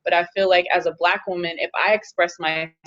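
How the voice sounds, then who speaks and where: Earnest lower-voiced woman, dull sound. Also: steady tone, fast talker, fairly bright tone, faint music behind. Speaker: panelist. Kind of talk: casual panel discussion.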